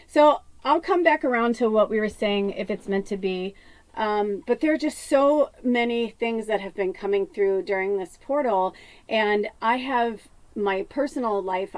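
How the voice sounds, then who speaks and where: A woman's voice: mid-range voice, no room sound. A woman psychic medium in a rambling spiritual monologue, often laughing and swearing casually as she talks.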